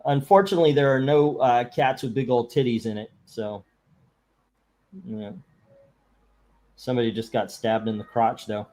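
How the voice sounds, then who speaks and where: A man's voice: mid-range voice, steady tone, normal speed, pauses often, darkish tone. Man, livestream host, casual chat, rambling, jokey, reads viewer comments aloud. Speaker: host of a live comic book auction stream.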